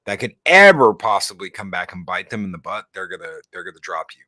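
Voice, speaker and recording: A man with a lowish but bright, forceful voice co-hosts a casual livestream chat. He speaks emphatically and tells stories with animation, in a dry, close recording. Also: big pitch swings, fast, dry recording. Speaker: co-host.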